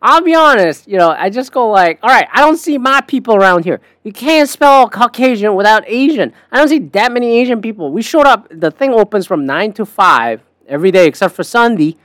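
A man's voice: high-pitched, expressive, brisk, hardly any pauses, a bit bright, no echo. A man hosting a podcast, rambling through a sarcastic, profanity-laced casual monologue. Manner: rambling, sarcastic, swears a lot. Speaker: podcast host.

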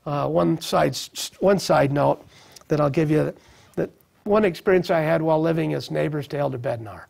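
A man's voice: a little high, normal speed, vocal fry, a little mellow. A man in his thirties sharing a personal recovery testimony in an interview, earnest and reflective, often restarting his sentences. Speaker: guest sharing recovery story.

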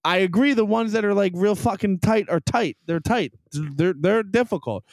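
A man's voice: high voice, normal speed, creaky, no room sound. A man co-hosting a podcast, chatting casually, teasing and arguing with heavy swearing. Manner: profane, teasing, argumentative. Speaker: podcast co-host. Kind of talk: casual banter.

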